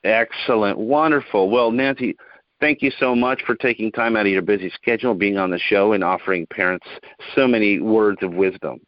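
A man's voice: on the low side, brisk, no echo, highs cut off. A man hosting a podcast interview, thanking his guest and asking follow-up questions with encouraging words. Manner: warm, encouraging interviewer with brief backchannels. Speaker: podcast host. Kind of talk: interview conversation.

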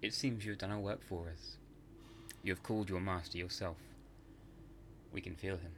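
A man voicing an unseen, knowing spirit that speaks as "we", calm and quietly menacing. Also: low-pitched, normal speed, a little hiss or hum.

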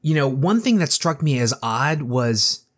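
A man casually discussing a horror movie with a co-host, animated and acting out lines as he talks. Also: medium pitch, unhurried. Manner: animated, acts out quotes, conversational asides.

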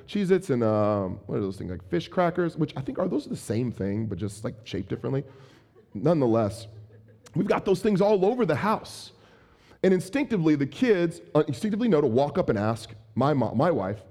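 A man in his thirties preaching a sermon as pastor, conversational and animated, with playful asides. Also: mid-range voice.

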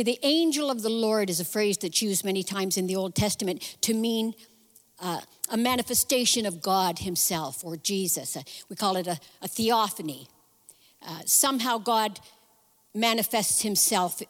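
A woman giving a conversational sermon, telling a story in an animated way and acting out the voices in it. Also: a little high. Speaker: speaker at a church women's event. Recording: long hall reverb.

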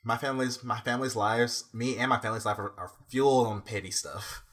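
A young man with a slightly husky voice tells a long, animated family story in casual chat. He slips into quick imitations of his parents along the way. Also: medium pitch.

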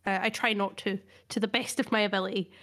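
A woman's voice: medium pitch, steady tone, fast talker, a bit bright. Earnest woman in casual podcast chat. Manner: earnest, thoughtful, laughs often. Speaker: podcast co-host.

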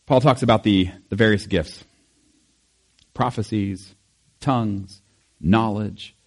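A male pastor giving a conversational sermon, animated and chatty, acting out quotes with small laughs. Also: on the low side, takes it slowly.

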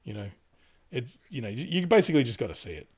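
A man's voice: mid-range voice, very animated, quick pace, darkish tone, breathy edge. Guy rambling on a podcast, lots of ums and swearing, laughs a lot. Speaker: podcast co-host. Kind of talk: casual chat.

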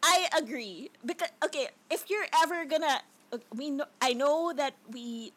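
A woman with a fairly high voice, co-hosting a casual movie review chat. She rambles through scathing complaints and laughs often along the way. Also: moderate pace, fairly bright tone. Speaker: podcast co-host.

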